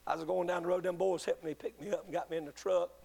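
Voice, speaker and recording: A man preaching a sermon, telling a testimony in an earnest, halting way with many restarts. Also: high voice, steady tone, creaky, a little mellow, slightly rough. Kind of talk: sermon storytelling.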